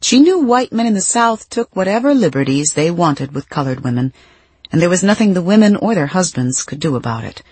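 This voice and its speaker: Husky-voiced woman narrating an audiobook. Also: lowish voice, dry recording. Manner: measured, expressive storytelling. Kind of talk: scripted nonfiction narration.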